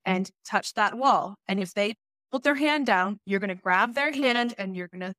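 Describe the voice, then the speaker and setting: A woman's voice: mid-range voice, a bit bright, no echo. Woman host recounting testimony, dry close sound. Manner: recounting testimony in a measured, serious way. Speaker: podcast host. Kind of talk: podcast discussion, reading out court testimony.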